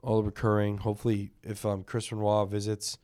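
A man's voice: fairly low pitch, completely flat delivery, a little fast, a little mellow, dry recording, clean studio sound. Joking, profane man on a podcast. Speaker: podcast co-host. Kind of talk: crude casual podcast banter.

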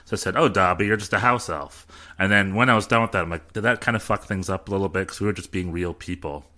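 A man's voice: deep voice, steady tone, racing, sharp tone. A man chatting casually about improv in a self-deprecating way. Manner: self-deprecating, laughing often.

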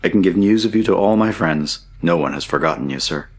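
A man's voice: deep voice, brisk, husky. A man reading an audiobook, voicing a cheerful young male Scottish miner turned farmhand in a hearty, merry way. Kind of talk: audiobook character voice.

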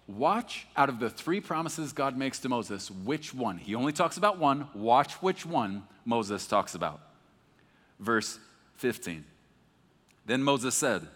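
Animated preacher in an echoey hall. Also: male voice, medium pitch, unhurried. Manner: animated, conversational, acts out scripture. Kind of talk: sermon.

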